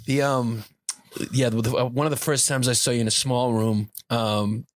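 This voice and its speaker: A man's voice: medium pitch, flat delivery, moderate pace, dry recording. A man co-hosting a casual podcast who laughs often and keeps agreeing eagerly. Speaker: podcast co-host.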